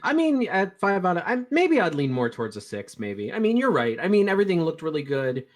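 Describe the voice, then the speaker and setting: A man's voice: sits high, wildly swooping pitch, a little fast. A man co-hosting a casual reaction chat, stammering through points and mimicking scenes. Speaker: co-host.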